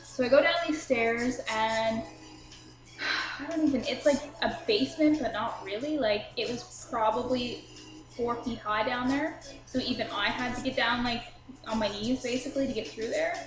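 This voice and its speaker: A woman's voice: on the high side, normal speed, roomy sound, music in the background, rough recording. A young woman casually telling a drunk story to her viewers, chatty and swearing freely, laughing at herself. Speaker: vlogger.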